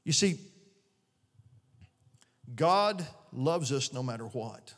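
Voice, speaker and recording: A man's voice: mid-range voice, expressive, slow, fairly bright tone. A middle-aged male pastor preaching an earnest, conversational sermon in a church, often restarting his phrases. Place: church sanctuary. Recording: long reverb of a large hall.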